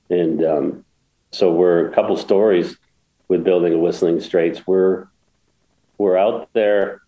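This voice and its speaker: Deep, dark-voiced man telling a story. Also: echoey room, muffled recording. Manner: rambling, many restarts, emotional. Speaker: guest, golf course builder. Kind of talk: casual storytelling interview.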